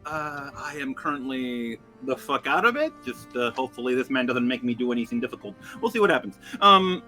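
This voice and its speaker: A man's voice: medium pitch, animated, a little fast, pushed and bright, faint music behind. A man introducing his tabletop character hesitantly, with many fillers and swearing. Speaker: player. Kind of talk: casual tabletop chat.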